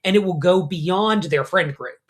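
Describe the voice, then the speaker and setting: A middle-aged man, a rabbi co-hosting a podcast, telling stories in an animated, casual way with lots of fillers and asides. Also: sits high, normal speed. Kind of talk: casual conversation.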